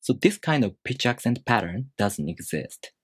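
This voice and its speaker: A man teaching a language lesson, explaining rules step by step in a measured, scripted way. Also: mid-range voice, very animated, husky, no room sound, clean studio sound.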